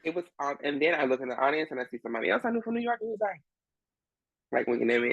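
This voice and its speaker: A man's voice: fairly high pitch, animated, racing, creaky, no room sound, narrow, tinny audio. A man, a Broadway swing performer, telling a story as a guest, acting out the other people's voices and laughing often. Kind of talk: animated storytelling in conversation.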